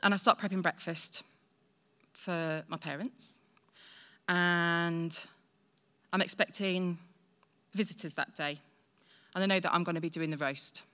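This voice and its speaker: A woman's voice: fairly low pitch, fairly bright tone. A woman in her forties telling a personal story in a chatty, self-deprecating way. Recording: long hall reverb.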